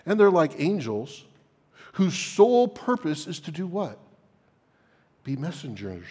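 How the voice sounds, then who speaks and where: Slow, husky-voiced preacher in a reverberant hall. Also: male voice, on the high side, big pitch swings, darkish tone. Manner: teaching, rhetorical questions, stressing phrases. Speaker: pastor. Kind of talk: expository sermon.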